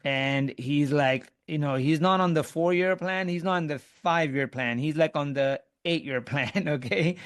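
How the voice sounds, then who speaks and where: A man's voice: a little high, moderate pace. Man teaching grammar in an online class. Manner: explains step by step, quizzes students, frequent restarts. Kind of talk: online webinar lesson.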